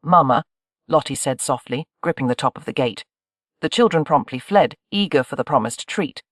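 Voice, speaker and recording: An audiobook narrator reading a historical romance in an even, measured way. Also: medium pitch, no room sound, clean studio sound. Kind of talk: scripted narration.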